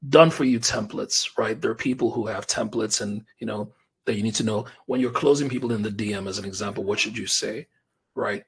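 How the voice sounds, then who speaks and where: A man, hosting a live business webinar as a coach, talking straight to viewers in an energetic, casual way. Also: lowish voice, brisk, creaky, breathy edge. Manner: energetic, conversational, talks directly to viewers with slang like bro and fam.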